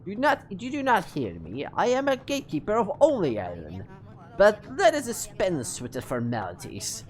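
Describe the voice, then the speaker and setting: A woman's voice: medium pitch, wildly swooping pitch, normal speed, a little mellow, pitched above the performer's own voice. A woman voicing a prim male paper gatekeeper in a formal, pompous put-on British accent. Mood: haughty.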